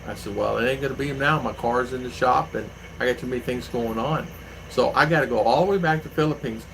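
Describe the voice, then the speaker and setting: A man's voice: medium pitch, brisk, gravelly, background noise. A man hosting his own channel, chatting casually with viewers and rambling through stories with lots of fillers. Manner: rambling, anecdotal, with many fillers. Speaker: vlogger, channel host. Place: home in the Philippines.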